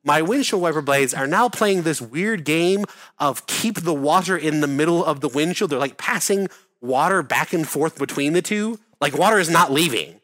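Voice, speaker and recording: A man's voice: on the high side, expressive, moderate pace, a bit bright. A man telling a rambling story in casual chat, full of fillers, restarts and swearing.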